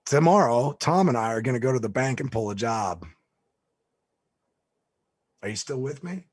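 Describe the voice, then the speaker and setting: A man's voice: mid-range voice, moderate pace, dry recording. A man telling a story in a casual way, acting out the people he quotes as he goes. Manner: lively storyteller who acts out the people he quotes. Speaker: speaker recounting a court story.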